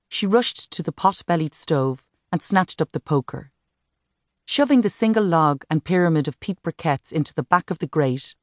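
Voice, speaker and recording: A woman narrates a novel in a low, measured voice. The reading is even and unhurried. It is recorded close on a studio mic with a very dry sound. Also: no echo. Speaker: audiobook narrator. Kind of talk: scripted narration.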